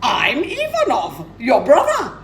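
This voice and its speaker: A woman's voice: on the high side, wildly swooping pitch, takes it slowly, reverberant, slight background noise, pitched above the performer's own voice, full character voice. A woman voicing a vain, self-hating male crow who shrieks and wails between laughing and crying. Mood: eager. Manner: wailing, half-laughing, half-crying.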